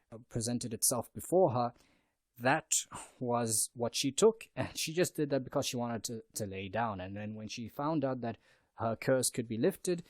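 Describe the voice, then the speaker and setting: A man's voice: mid-range voice, no room sound, clean studio sound. A man hosting a podcast, discussing a novel in an earnest, discursive way with frequent restarts. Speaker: podcast host. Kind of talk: book review discussion.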